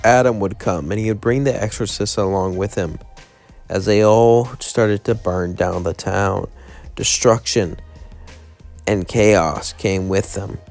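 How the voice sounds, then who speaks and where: A man's voice: on the low side, a little slow, darkish tone, soft background music. A man narrating a fan-made what-if story in a casual, rambling way, stringing clauses loosely together.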